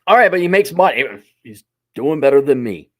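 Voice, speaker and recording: Blunt sarcastic dude ranting, voice a bit higher than most guys. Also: male voice, animated, fairly quick, dry recording, studio quality. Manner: blunt, sardonic, profane. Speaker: host. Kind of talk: casual opinion monologue.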